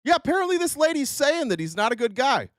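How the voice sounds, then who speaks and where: A man putting on a gullible, high-pitched event-goer. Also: big pitch swings, fast, fairly bright tone, no echo, clean studio sound, heavily acted. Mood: incredulous. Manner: mocking, exaggerated incredulity. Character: gullible, clueless event-goer amazed by old news.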